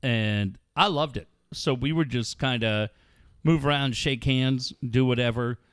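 A man's voice: medium pitch, measured pace, clean tone, no echo, studio quality. A man in casual chat, telling crude stories with lots of swearing and laughter. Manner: profane, animated storytelling with frequent laughs.

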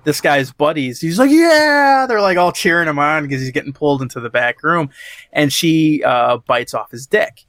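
A man's voice: fairly high pitch, normal speed, fairly bright tone, dry recording, clean studio sound. Rambling, profane man recapping a movie. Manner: rambling, profane, laughs at his own story, acts out quotes. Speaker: podcast co-host reviewing a movie. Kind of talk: casual chat.

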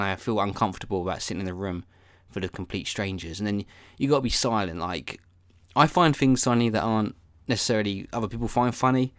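Low-voiced man rambling. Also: fairly bright tone, dry recording. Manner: meandering, self-deprecating, swears casually. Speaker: podcast host. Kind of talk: rambling solo monologue.

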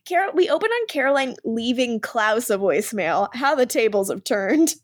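A woman's voice: fairly high pitch, moderate pace, no room sound, clean studio sound. A woman co-hosting a podcast, casually recapping a TV episode and animatedly acting out characters' lines. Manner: animated, quotes characters in lively voices. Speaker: podcast co-host.

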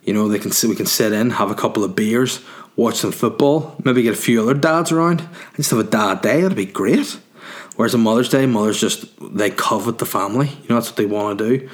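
A man's voice: lowish voice, fairly quick. A man with a Northern Irish accent delivering a rambling comic monologue as a podcast host. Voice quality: rambling, tangent-prone delivery.

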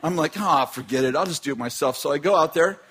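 High-voiced man telling a laughing story. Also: fast talker, husky. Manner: animated, laughing often while telling. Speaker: business owner telling a story. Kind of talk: casual storytelling.

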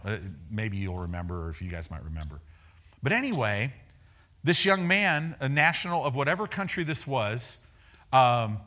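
A man preaching a sermon in a folksy, animated way, acting out the people in his stories and repeating words as he builds each point. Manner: animated, acts out dialogue with raised pitch. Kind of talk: sermon with storytelling.

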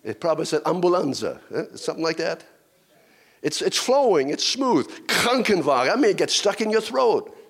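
A middle-aged man preaches from the pulpit in a slightly high voice. He talks in a conversational way, wandering into personal asides and repeating key phrases as he goes. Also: sing-song, moderate pace, a bit bright, slightly rough. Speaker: pastor. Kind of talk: sermon.

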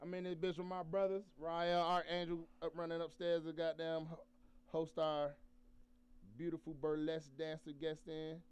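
Man, podcast host, hyped and profane banter, high clear voice. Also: monotone, normal speed, a little mellow. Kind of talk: casual podcast intro.

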